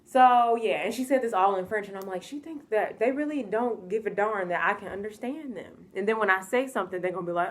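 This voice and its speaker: Speaking a little fast and hardly pausing, a young woman from the United States recounts a storytime vlog in a casual, animated and exasperated way. She acts out what people told her, in a mid-range voice.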